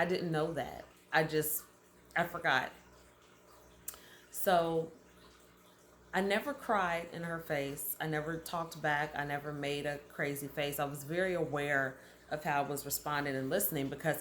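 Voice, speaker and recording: A woman's voice: low-pitched, a little hiss or hum. A woman coaching her audience, telling a candid personal story in a conversational way with emphatic repetition. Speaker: life coach.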